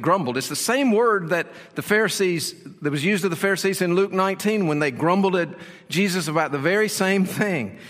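A man's voice: high-pitched, fairly bright tone, long reverb tail. A man preaching a sermon as pastor, explaining the passage with rhetorical questions and repeated phrases.

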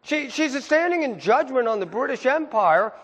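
A man preaching a sermon as pastor, moving from low asides to high, emphatic peaks. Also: very animated, moderate pace, a bit bright, in a large hall.

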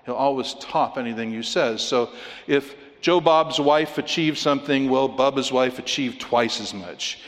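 A man with a medium-pitched, unhurried voice preaches in a space with a big-room sound. Storytelling his way through the sermon, he tells a joke, reads scripture and poses rhetorical questions to the congregation.

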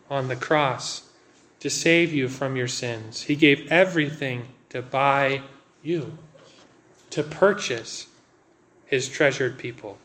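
A man, preaching a sermon in an earnest, conversational way with dramatic pauses. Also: fairly high pitch, a bit bright. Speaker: pastor.

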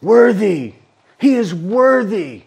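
Fervent high-voiced preacher, unhurried. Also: male voice, very animated, gravelly, darkish tone, breathy edge. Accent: Southern US. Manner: fervent, repeats words for emphasis. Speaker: pastor. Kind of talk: sermon.

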